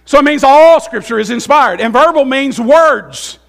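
A middle-aged male pastor preaching a sermon in a church, emotional, with swings between loud, fervent passages and quiet, musing asides. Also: very high-pitched, moderate pace, vocal fry. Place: church sanctuary.

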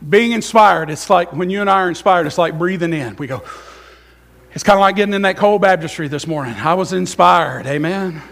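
A middle-aged male pastor preaching a sermon in a church, emotional, with swings between loud, fervent passages and quiet, musing asides. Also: high voice, brisk, creaky, few pauses. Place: church sanctuary.

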